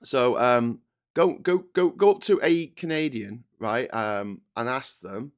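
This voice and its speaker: A man's voice: mid-range voice, slow pace. A man hosting a political commentary monologue, ranting with passion and repeating himself. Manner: impassioned, repetitive, ranting. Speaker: host.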